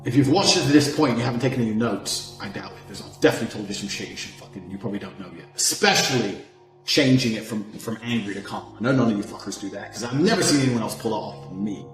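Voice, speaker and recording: A man in his thirties giving a brash, profane monologue, boasting and swinging from loud outbursts down to low mutters. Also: quick pace. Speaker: self-improvement speaker. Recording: echoey room with faint music.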